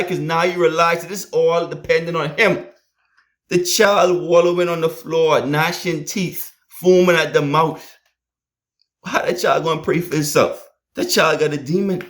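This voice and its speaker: A man preaching a sermon, emphatic and storytelling, with repeated rallying phrases. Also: fairly high pitch.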